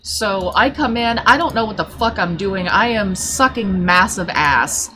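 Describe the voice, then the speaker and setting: A woman livestreamer telling a story in casual chat, blunt and profane, with animated delivery. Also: medium pitch, a little slow, slight background noise.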